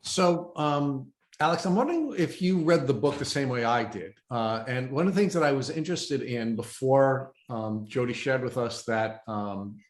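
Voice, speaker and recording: A man's voice: mid-range voice, expressive, moderate pace. A man hosting a podcast interview, asking a long, thoughtful question with some hesitation. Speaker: podcast host. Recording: roomy echo.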